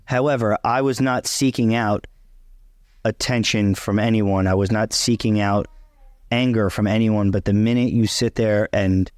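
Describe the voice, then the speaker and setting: Blunt, cursing man with a low voice. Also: fairly even intonation, normal speed, darkish tone, no room sound, studio quality. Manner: blunt, emphatic, swears freely; repeats himself for emphasis. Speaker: vlog co-host. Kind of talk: casual chat.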